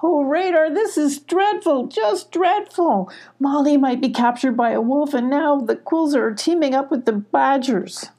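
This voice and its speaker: A woman voicing an excitable young girl who cries easily, in a storybook reading, her voice pitched high and wailing. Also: normal speed. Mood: tearful.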